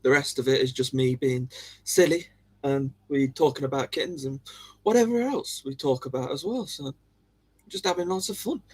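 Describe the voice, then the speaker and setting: A man's voice: mid-range voice, normal speed, slightly rough. A man hosting a livestream, chatting casually with viewers in a jokey, giggly way. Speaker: livestream host.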